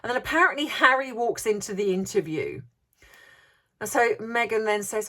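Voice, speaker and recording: A woman's voice: fairly high pitch, animated, moderate pace, a bit bright. A woman vlogger giving opinionated commentary, indignant and sarcastic, firing off rhetorical questions and repeating words for emphasis.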